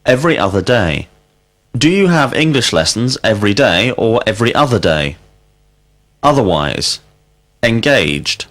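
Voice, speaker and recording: Man drilling with lively, low questions. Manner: slow, deliberate questioning with clear word prompts. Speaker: teacher. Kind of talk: scripted language drill.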